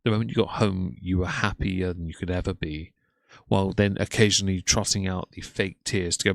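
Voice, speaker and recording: A man's voice: low-pitched, steady tone, brisk, creaky, no echo. A man giving a sarcastic, scornful reaction commentary in a blunt way. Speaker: commentary YouTuber.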